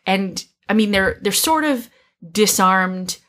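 A woman co-hosting a podcast, chatting animatedly about a movie and acting out lines from it. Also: medium pitch. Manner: animated, quick restarts, quotes characters. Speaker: podcast co-host. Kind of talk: casual movie discussion.

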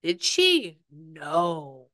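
A chatty woman with a fairly low voice, talking casually and relaying quotes. Her sound is dry and close, with no room around it. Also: huge pitch swings, drawn-out words, a bit bright, no room sound. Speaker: psychic medium. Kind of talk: casual reading session.

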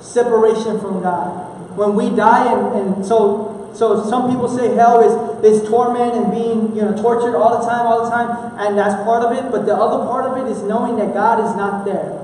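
At a normal speed and steady tone, a Houston pastor with a high, mellow voice delivers a sincere, conversational sermon, often beginning sentences again. A faint hiss or hum is present, and the far-off mic picks up the echo of the church hall.

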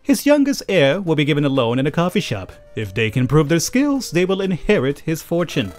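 A man's voice: on the high side, wildly swooping pitch, a little fast, soft background music. A man voicing a polite, formal male butler in a game, with stiff, proper diction.

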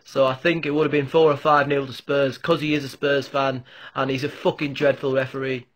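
A man's voice: medium pitch, little pitch movement, fairly quick, lightly acted. A man impersonating a blunt male football pundit who complains about a referee and swears. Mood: grumbling.

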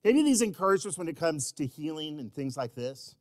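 A man preaching a sermon as pastor, swinging between loud emphatic repetition and quiet, intimate asides. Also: on the high side, sing-song, fast talker, dry recording, studio quality. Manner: repeats key words for emphasis.

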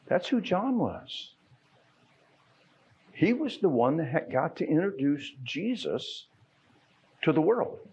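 A man's voice: a little high, breathy edge, dull audio. A man preaching a sermon in a folksy, conversational way that swells into fervent emphasis. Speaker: pastor. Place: church sanctuary.

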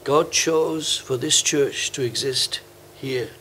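A man's voice: mid-range voice, slow pace, slight background noise. An older man from Wales preaching a sermon in a church, telling stories with quoted voices. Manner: storytelling, warm anecdotes with acted quotes. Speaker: visiting preacher. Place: church hall.

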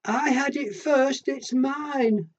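A man voicing a small, stubborn picture-book animal in a high, childish, insistent voice. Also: slow pace, dull audio, heavily acted.

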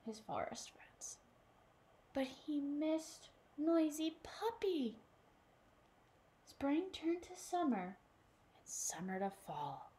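A woman who is a children's librarian, reading a picture book aloud in an animated way and asking questions of a child listener. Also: high voice, takes it slowly, pauses often.

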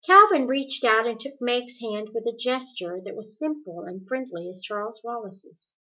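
A woman reading a novel aloud in a slow, measured storytelling manner, in a dull lo-fi recording. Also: a little high, lively intonation, pushed and bright. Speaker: audiobook reader.

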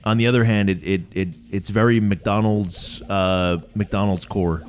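A man's voice: on the low side, steady tone, a little slow, faint music behind. A young man co-hosting a let's play, chatting casually with loose, profane banter and frequent restarts. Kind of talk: casual gaming commentary.

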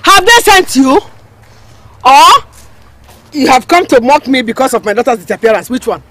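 A woman's voice: high-pitched, sing-song, moderate pace, fairly bright tone, no room sound, full character voice. An actress playing a vengeful older village mother, menacing and accusing. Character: vengeful village mother, calls herself a lioness. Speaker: mother searching for her daughter. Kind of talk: Nollywood film acting. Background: film score music.

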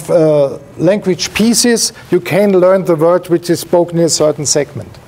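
Here a professor with a high, slightly mellow voice delivers an academic seminar talk. He points to slides as he goes, often stumbling into fillers and starting sentences over.

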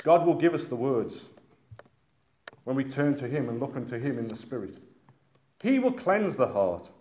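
Animated preacher man in an echoey room. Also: medium pitch, normal speed. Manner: animated, exclaiming and addressing listeners as friends. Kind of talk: sermon to a congregation. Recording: echoey, muffled room recording with faint noise.

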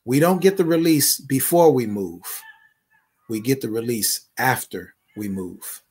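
A man who is a prophetic minister delivers a prophetic word and prayer, repeating phrases and building to loud, emphatic declarations. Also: medium pitch, a little slow, breathy edge.

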